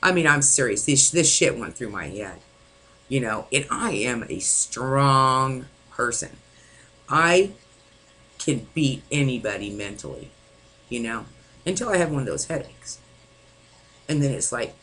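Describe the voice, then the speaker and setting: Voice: mid-range voice, animated, unhurried, fairly bright tone, slightly rough, poor audio. A distraught vlogger venting angrily to camera, swearing often and rambling with many fillers. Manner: angry, frequent swearing. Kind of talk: venting personal monologue.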